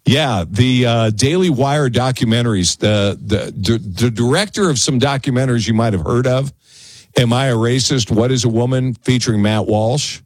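A male radio talk show host chats into a studio broadcast mic in a casual monologue, his voice medium in pitch and paced normally. The recording is dry. He's conversational, and when excited he stammers and repeats words as he gets going.

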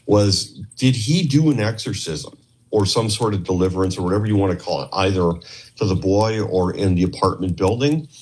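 Husky low-voiced man telling stories. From Canada. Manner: rambling, animated anecdotes with acted quotes. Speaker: podcast guest, former police trainer. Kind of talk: casual storytelling interview.

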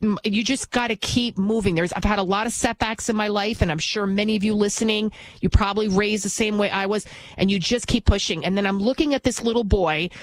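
A woman filling in as host of a talk show, delivering an animated, opinionated monologue full of anecdotes. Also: mid-range voice, fairly quick, no room sound. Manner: animated storytelling, acts out quoted voices.

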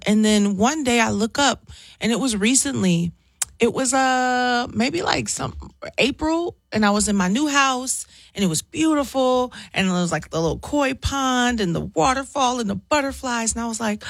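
A woman's voice: a little high, expressive, normal speed, gravelly, no room sound. Candid woman guest, dry close sound. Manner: candid, laughs often, acts out quotes. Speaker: interview guest. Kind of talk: casual interview chat.

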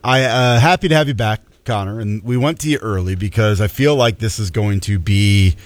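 A man's voice: on the low side, normal speed, no echo. A young man hosting a casual sports radio show, rambling and restarting his sentences. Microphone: studio microphone.

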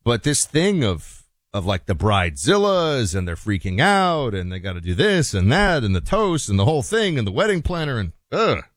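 A male talk radio host rambles through his opinions with plenty of restarts and asides. His voice sits at an ordinary pitch and sounds dry and close to the studio mic. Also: big pitch swings, normal speed, no room sound. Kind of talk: conversational radio monologue.

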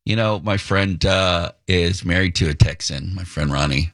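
Male morning radio host, slightly low voice, dry close studio sound, loose and wry banter. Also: moderate pace, hardly any pauses, a bit bright, dry recording. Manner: wry, rambling, chuckling asides. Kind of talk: casual radio talk. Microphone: studio microphone.

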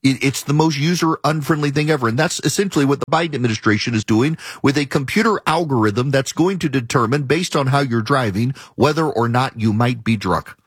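A man's voice: medium pitch, breathy edge, no room sound, clean studio sound. A man hosting a talk radio show, delivering an emphatic, argumentative monologue and hammering his points home by repeating them. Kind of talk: opinionated monologue.

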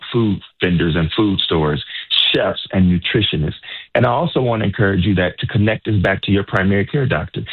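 A man's voice: deep voice, breathy edge. A man hosting a health-focused radio call-in show, enthusiastic and encouraging, often repeating himself as he speaks. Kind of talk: casual radio talk. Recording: phone-like narrow sound.

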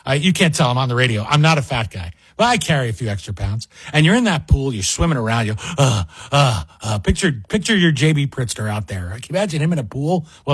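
Husky-voiced male talk radio host. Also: medium pitch, no room sound. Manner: chatty, folksy, addresses listeners directly.

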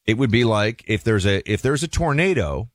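Emphatic low-voiced male talk host. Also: expressive, moderate pace, no echo. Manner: emphatic, folksy asides to listeners. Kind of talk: opinionated talk radio monologue.

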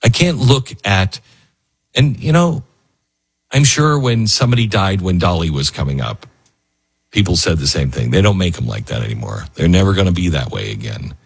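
Husky, earnest male talk host. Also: low voice, animated, normal speed. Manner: earnest, heartfelt, wandering. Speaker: radio show host. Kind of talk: emotional talk radio monologue.

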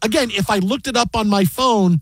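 A man hosting a sports talk show, telling rambling, animated stories in casual banter. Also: sits high, dry recording. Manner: rambling, animated storyteller with quick asides.

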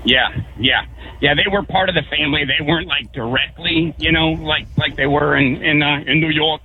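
A man's voice: fairly high pitch, normal speed. A man from Connecticut calling in to a radio show, rambling through stories with lots of fillers. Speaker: caller. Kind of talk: telling stories on a call-in show. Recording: tinny phone line with faint noise.

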